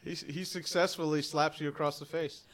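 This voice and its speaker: A man narrating as game master in a tabletop role-playing game, calm and matter-of-fact. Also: on the high side, moderate pace.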